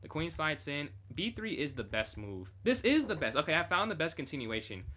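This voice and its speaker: Young man, chess streamer, bright voice, casual think-aloud game review, keyboard typing behind. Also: on the high side, big pitch swings, brisk, slight background noise. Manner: thinks aloud, chatty, reads chat.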